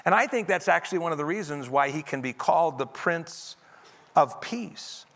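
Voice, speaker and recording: A man's voice: fairly high pitch, lively intonation, normal speed, gravelly, fairly bright tone. A man preaching a sermon, earnestly guiding his congregation through scripture. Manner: earnest, leads congregation in repeated reading. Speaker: pastor. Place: church sanctuary. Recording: long reverb of a large hall.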